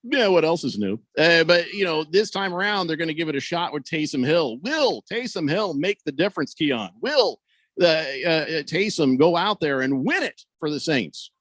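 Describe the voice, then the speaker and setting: A man's voice: a little high, animated, moderate pace, fairly bright tone, no room sound. A man hosting sports talk radio in a studio, joking around and reading out listener comments. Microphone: studio microphone.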